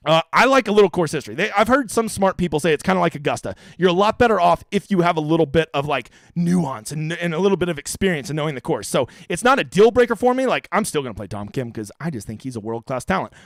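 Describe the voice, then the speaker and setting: A man's voice: fairly high pitch, big pitch swings, fast, hardly any pauses, no echo. A young man hosting a live stream, answering chat questions with brash, jokey, crude banter. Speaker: fantasy golf streamer.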